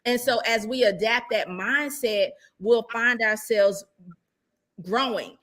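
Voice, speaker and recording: Bright-voiced woman giving emphatic advice. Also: on the high side, slow pace. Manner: emphatic, animated, asks rhetorical questions. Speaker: real estate investor sharing experience. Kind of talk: casual conversational advice.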